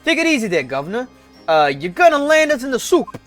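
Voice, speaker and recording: A man doing a brash young crook with a high, swooping voice and a loud, cocky bark. He talks in slang and sounds like trouble. Faint game music sits behind him. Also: big pitch swings, fairly quick, heavily acted. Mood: defiant. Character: brash rough-talking male petty crook.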